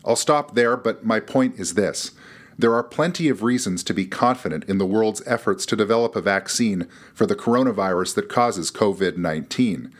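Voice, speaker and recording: A man's voice: fairly low pitch, normal speed. A man hosting a podcast, reading a scripted narration with a dry, wry delivery. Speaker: podcast host.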